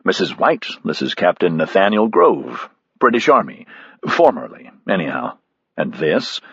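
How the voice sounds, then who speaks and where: A man's voice: low-pitched, big pitch swings, a little slow, creaky, a bit bright, husky, no room sound, highs cut off, full character voice. A man doing a blunt, cynical American man. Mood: brisk.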